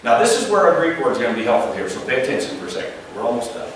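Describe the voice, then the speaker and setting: A male pastor preaching a lively sermon, asking the congregation questions and acting out the voices he quotes. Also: medium pitch, very fast. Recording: echoey room, mic at a distance, faint background noise.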